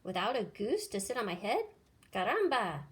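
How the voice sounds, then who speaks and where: A woman voicing an excitable, bossy storybook hen who exclaims loudly and quickly. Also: medium pitch, lightly acted. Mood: excited. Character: excitable bossy hen, female farm bird.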